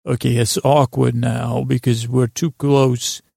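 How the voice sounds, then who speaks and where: A man riffs in character as an earnest young king, his voice heavy with gravel and fry. He stumbles and restarts as he rambles through the comedy bit. The sound is dry and close. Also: medium pitch, little pitch movement, warm tone, no echo. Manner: rambling, halting, full of restarts. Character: earnest boy king Tommen. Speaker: comedy podcast host.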